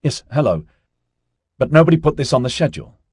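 A man's voice: mid-range voice, big pitch swings, a little fast, darkish tone, slightly rough, dry recording, clean studio sound, pitched above the performer's own voice. A man voicing a flustered, defensive male technician in an audiobook. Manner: defensive, protesting.

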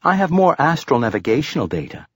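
A man's voice: a little high, very animated, fast talker, slightly rough, dry recording, pitched above the performer's own voice. A man voicing a polite, chirpy talking bracelet computer that speaks in a precise, formal, helpful way. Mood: eager.

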